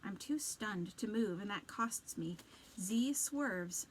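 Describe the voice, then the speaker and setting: Woman teacher, expressive children's book read-aloud, dramatic narration. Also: mid-range voice, slow pace, a little hiss or hum, rough recording.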